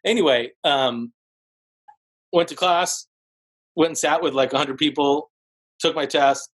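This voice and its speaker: Chatty man telling stories, fairly high voice. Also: unhurried, poor audio. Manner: animated storyteller, heavy use of "like", jumps into higher voices for quotes. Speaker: podcast guest, real estate broker. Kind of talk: casual storytelling interview.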